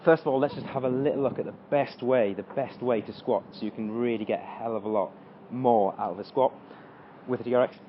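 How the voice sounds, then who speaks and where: A man's voice: mid-range voice, fairly even intonation, fairly quick, dull audio, a little hiss or hum. A man coaching an exercise tutorial, talking through squats as he demonstrates them and straining during the reps. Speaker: fitness coach.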